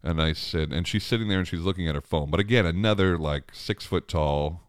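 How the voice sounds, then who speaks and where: A man's voice: low voice, a little fast, smooth, no room sound, clean studio sound. A man in his thirties, a father, telling a family story in a casual, rambling way, chuckling often and restarting his sentences.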